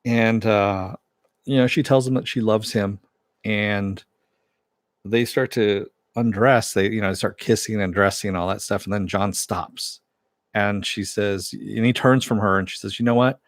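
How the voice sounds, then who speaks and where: A man's voice: on the low side, steady tone, a little slow, no echo. A man giving a casual, chatty recap of a TV episode, retelling scenes with loose asides and the odd swear word. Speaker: TV show reviewer.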